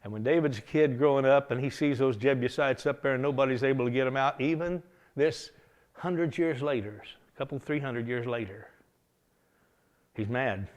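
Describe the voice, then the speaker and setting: A man preaching a revival sermon, telling a Bible story in a folksy, animated way, often chuckling. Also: medium pitch, normal speed.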